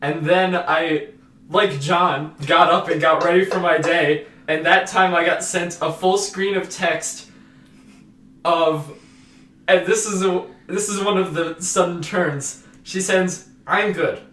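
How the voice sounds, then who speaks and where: A young man with a high, bright voice tells a story on a podcast, taking his time and reading out text messages in an animated way. He sits a little back from the mic in a roomy, echoey space with a faint hiss under him. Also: slow pace, recorded from a distance. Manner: animated, reads out messages with bursts of laughter. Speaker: podcast co-host. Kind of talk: casual storytelling chat. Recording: roomy echo, a bit off-mic, faint noise.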